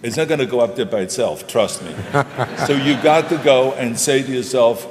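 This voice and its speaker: An older man, a former governor, is the guest in an onstage conversation, speaking at normal speed in a medium-pitched voice. He's emphatic and folksy, hammering home short, punchy phrases, and the hall around him is echoey.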